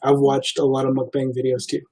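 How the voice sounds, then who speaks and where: A man's voice: medium pitch, a little fast, breathy edge. A young man hosting a casual livestream, chatting loosely to his viewers with lots of fillers and restarts. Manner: relaxed, rambling, many fillers. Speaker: livestream host.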